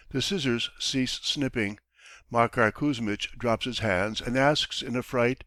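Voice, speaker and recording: A man's voice: mid-range voice, a little slow, bright, forceful tone, no echo. Man narrating an audiobook, dry sound. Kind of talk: scripted narration.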